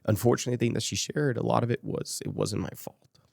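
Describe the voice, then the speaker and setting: A man's voice: medium pitch, quick pace, gravelly, darkish tone, no room sound, clean studio sound. A man from Las Vegas speaking as a podcast guest, telling a candid personal story and retelling past conversations in quoted dialogue, emotional and choked up at times. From Las Vegas, USA.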